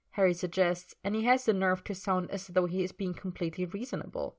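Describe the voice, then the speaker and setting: A woman with a low, steady voice narrates a story. She reads in a measured but expressive way, carrying the scene-setting as well as the characters' dialogue.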